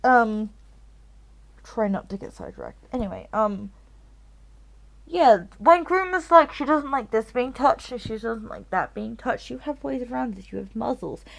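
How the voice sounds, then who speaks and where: A woman's voice: on the high side, expressive, unhurried, creaky. A tipsy woman streamer chatting casually and ranting at length, swearing freely and repeating herself. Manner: rambling and profane, repeats herself. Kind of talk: casual chat on a live game stream.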